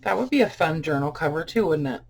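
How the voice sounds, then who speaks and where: Laid-back vlogger rambling thru a box of old books, lots of um and like, mid pitch. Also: expressive, quick pace, gravelly, a little hiss or hum. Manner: rambling, chatty, many fillers. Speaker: vlogger showing book finds. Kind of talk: casual unboxing chat.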